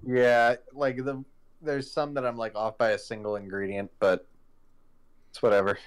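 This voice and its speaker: A man's voice: medium pitch, flat delivery, normal speed, clear, resonant tone. A man streaming a horror game, reacting and thinking aloud as he plays, swearing often. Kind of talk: casual live gaming chat.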